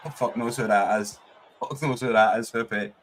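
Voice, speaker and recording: A man's voice: medium pitch, normal speed. A young Scottish man hosts a live football watchalong. He talks casually to his chat in a mid-range voice, swears freely and breaks into laughter often. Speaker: streamer hosting a football watchalong.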